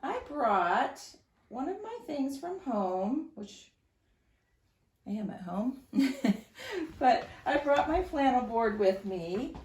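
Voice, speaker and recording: A woman reading a story to young children at home, animated and sing-song, often asking her listeners questions. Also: high-pitched. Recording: echoey room.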